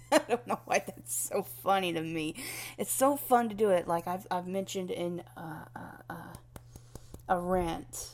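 A woman's voice: fairly low pitch, fairly even intonation, unhurried, a little mellow. A young woman rambling casually through a questionnaire, meandering and self-deprecating, often restarting her sentences.

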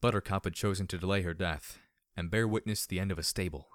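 Low-voiced guy narrating a story, measured and somber, dry close mic. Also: dry recording. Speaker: audiobook reader. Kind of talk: first-person story narration.

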